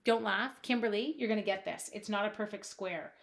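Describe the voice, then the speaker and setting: A woman's voice: medium pitch, fairly quick. A woman chatting casually while demonstrating crafts at her home desk on a live stream, reading out viewers' comments and talking to her supplies.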